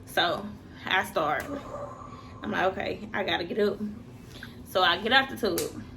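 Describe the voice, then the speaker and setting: A young woman telling a personal story in a casual, animated way, jumping high for quoted voices and dropping to a hush in tense moments. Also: measured pace, noisy background. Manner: animated, acts out quoted voices with big pitch jumps.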